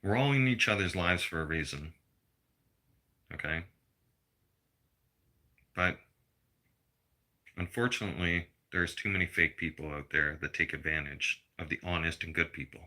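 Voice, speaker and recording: A man's voice: deep voice, normal speed, long pauses, pushed and bright. A middle-aged man delivering a blunt, profane personal rant to his viewers. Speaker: vlogger.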